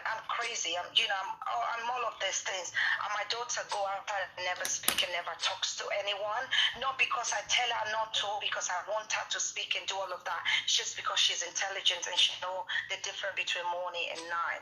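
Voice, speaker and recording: A woman's voice: mid-range voice, bright, forceful tone, roomy sound, rough recording. A woman guest in a live online interview who talks brashly and swears freely.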